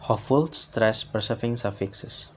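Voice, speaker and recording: Guy reading his class slides, lowish voice, lots of uh and restarts, bit of background hiss. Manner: halting, frequent uh fillers and restarts. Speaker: student presenter.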